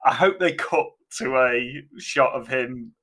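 A man's voice: medium pitch, slow, a bit bright. A man in casual chat, making amused, dry remarks about a film. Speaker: podcast co-host.

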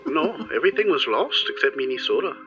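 A man's voice: a little high, sing-song, fast talker, voice pushed up. A man game master voicing a strange, cheerful phone caller named Harriet who repeats itself, heard over a phone line. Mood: breezy. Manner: chirpy, rambling, repeats itself. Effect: voice heard over a telephone. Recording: dull lo-fi sound with music behind.

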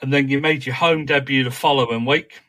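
A man conducting a conversational interview in a measured way, recounting details from match reports. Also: mid-range voice, steady tone, a bit bright.

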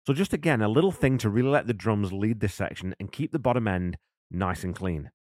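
A man's voice: fairly low pitch, expressive, brisk, darkish tone. A man, a drummer, casually and enthusiastically breaking down a song's rhythms, counting beats aloud. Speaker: drummer and host. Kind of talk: casual music breakdown commentary.

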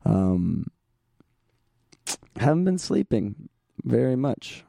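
A young man hosting a casual solo podcast, hoarse and tired, rambling along in a self-deprecating way and laughing often. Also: big pitch swings, very slow, warm tone, no echo, clean studio sound. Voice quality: gravelly, sandpapery. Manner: low energy, tired. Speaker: podcast host.

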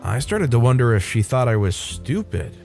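A man reading an online story aloud in first person, in a steady, matter-of-fact way. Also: mid-range voice, normal speed, faint music behind. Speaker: story narrator. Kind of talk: scripted narration of a reddit story.

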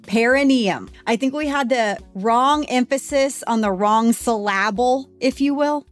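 A woman's voice: on the high side, measured pace, soft background music. A woman co-hosting a podcast in a frank, joking casual chat. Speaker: podcast co-host.

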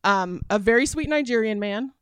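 A woman's voice: a little high, expressive, normal speed, fairly bright tone, clear, resonant tone, no echo, studio quality. A woman guest on a podcast, chatting casually and agreeably, with many yeahs and ums. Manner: agreeable, frequent yeahs and ums, listing examples. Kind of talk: casual chat.

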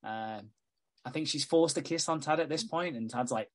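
Man, casual podcast chat, lots of swearing, quick laughs, acts out lines. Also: a little high, a bit bright. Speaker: podcast host. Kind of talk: casual chat, recapping a soap.

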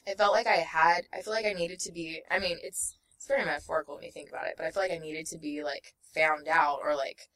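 A woman's voice: low voice, fairly even intonation, quick pace, hardly any pauses, fairly bright tone, far from the mic. A young woman telling a personal story in casual conversation, rambling with many fillers and acting out what people said. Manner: rambling, full of fillers, laughs often, acts out quotes. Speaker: guest.

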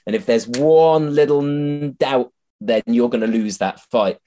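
A man's voice: mid-range voice, measured pace, warm tone. A man, a comedian being interviewed on a podcast, chatty and self-mocking, swearing freely and often restarting his sentences. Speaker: comedian guest.

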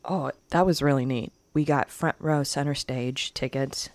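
A woman co-hosting a podcast, telling trip stories in an animated way and laughing often. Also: a bass voice, moderate pace, no echo. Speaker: podcast co-host. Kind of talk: casual chat.

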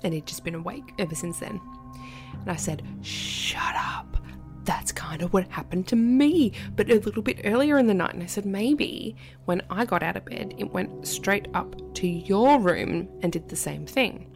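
A woman, a podcast guest telling a story in a casual, animated way and dropping to a whisper at the creepy parts. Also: medium pitch, normal speed, creaky, over music.

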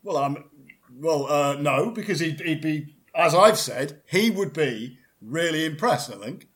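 A man, chatting in a deadpan comedy double act, pedantic and self-assured, rambling with restarts. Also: a little high, unhurried.

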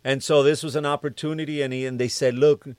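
A man's voice: fairly high pitch, fast, clean tone, no room sound. A middle-aged man, a music producer, telling stories as a podcast guest and acting out what others said. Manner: animated storyteller who acts out what others said. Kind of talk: casual storytelling interview.

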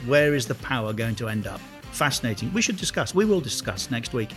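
A man's voice: medium pitch, very animated, fairly quick, faint music behind. A man hosting a football podcast in casual chat, with frequent stammering restarts. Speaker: podcast host.

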